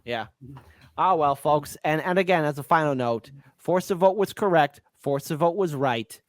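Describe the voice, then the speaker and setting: A man's voice: a little high, normal speed, dry recording, studio quality. A man hosting a casual political commentary show, rambling and emphatic, repeating points. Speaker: host.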